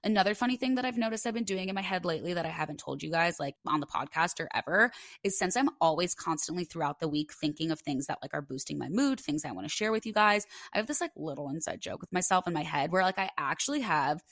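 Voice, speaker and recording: A woman's voice: fairly low pitch, lively intonation, quick pace, fairly bright tone, no echo, clean studio sound. A young woman hosting a podcast, talking on her own in a chatty way and saying "like" a lot. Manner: chatty, heavy use of "like". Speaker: podcast host. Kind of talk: solo podcast monologue with a read ad.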